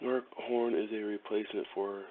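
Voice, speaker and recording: This Ohio man has a lowish, level voice and talks at a normal pace. Wiring a motorcycle on a live stream, the vlogger banters and jokes with his viewers and laughs a lot, all captured in phone-like narrow-band sound.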